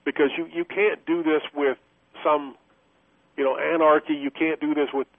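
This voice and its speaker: A man's voice: on the high side, little pitch movement, moderate pace, no echo. A man, a guest on a political talk radio show, speaking emphatically and firmly. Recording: phone line on radio.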